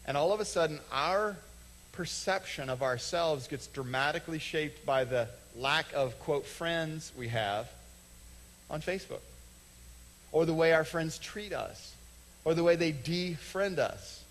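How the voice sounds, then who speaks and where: A man preaching a sermon from the stage of a church, talking conversationally, acting out short quoted exchanges and slowing down to stress key lines. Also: on the high side, low-quality recording. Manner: conversational, acts out little quoted dialogues, slows for emphasis. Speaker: pastor. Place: church sanctuary.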